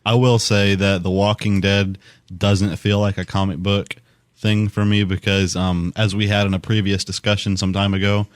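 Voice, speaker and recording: Deep, flat-voiced man, matter-of-fact. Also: normal speed, no echo, studio quality. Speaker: podcast guest. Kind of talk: casual podcast chat.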